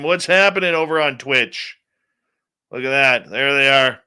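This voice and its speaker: A man's voice: a little high, expressive, measured pace, pushed and bright, smooth. A middle-aged man hosting a radio show, chatting casually, greeting viewers by name and ranting bluntly. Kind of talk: casual live-stream chat.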